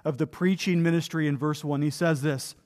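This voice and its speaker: High-voiced man preaching an earnest sermon. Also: fairly even intonation, a little fast, darkish tone. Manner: earnest, emphatic, with rhetorical questions. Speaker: pastor. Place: church pulpit.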